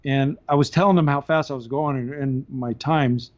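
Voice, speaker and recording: A man telling a story on a podcast in a casual, animated way, laughing between points, heard on slightly dull audio. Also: mid-range voice, moderate pace. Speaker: podcast guest.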